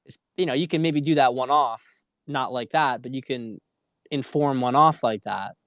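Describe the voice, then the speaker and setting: A dating coach's livestream talk comes through dry and clean, as if from a studio. His medium-pitched voice is a bit bright and moves at normal speed, while his earnest, preachy delivery is marked by frequent restarts.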